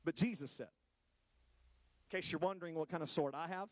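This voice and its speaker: A man preaches in a high, bright-toned voice, playful with the congregation one moment and drawing out words for emphasis the next. The sound is close and dry, with little room around it. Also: a little fast, long pauses, no room sound. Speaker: pastor. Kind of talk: sermon.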